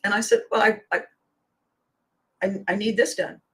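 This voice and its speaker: A woman's voice: medium pitch, fairly even intonation, moderate pace, a bit bright. A middle-aged woman hosting a podcast, telling a story animatedly and laughing often. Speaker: podcast host. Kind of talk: storytelling monologue.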